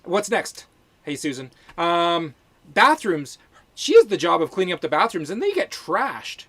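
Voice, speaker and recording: A woman co-hosting a casual live chat, telling stories and acting out what she says to people in a higher voice. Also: a little slow. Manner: animated, acts out quotes in a higher voice. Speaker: co-host of a livestream.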